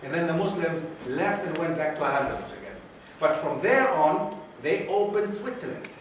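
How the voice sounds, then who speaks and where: High-pitched male lecturer, asks the room questions, very echoey hall, mic far off. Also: expressive, moderate pace, background noise. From Greece. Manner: quizzes the audience and repeats key phrases. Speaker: guest lecturer. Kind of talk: lecture to a student audience. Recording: very echoey hall, taped from afar.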